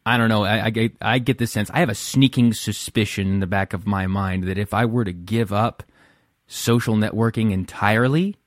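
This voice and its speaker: Male podcast host from Central California, lowish voice, dry close sound, wry, rambling, self-mocking. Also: fairly even intonation, normal speed, no echo. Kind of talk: casual solo podcast monologue. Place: at home.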